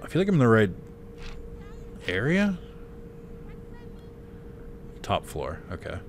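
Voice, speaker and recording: Deep-voiced, lively man commenting on gameplay. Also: slow pace, background noise. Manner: chatty, swears freely, laughs at his own jokes. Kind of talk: casual let's-play commentary.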